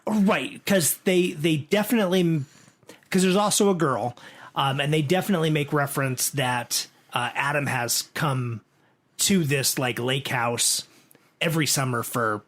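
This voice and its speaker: A man's voice: on the high side, measured pace, fairly bright tone. A man co-hosting a movie podcast, easygoing and chatty, often answering with short agreements. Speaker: podcast co-host. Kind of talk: casual movie commentary chat.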